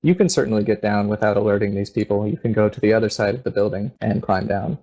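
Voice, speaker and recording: A man narrating a tabletop game as game master, steady and descriptive. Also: fairly low pitch, fast, rough recording.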